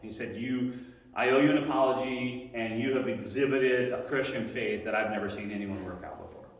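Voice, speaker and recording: A man in his forties teaching a Sunday school class, telling a story in a chatty, animated way and acting out the quotes. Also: mid-range voice, brisk. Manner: conversational and animated, acting out quotes with sound effects. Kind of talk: sermon-style story to a class. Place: church hall. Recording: echoey hall from far off.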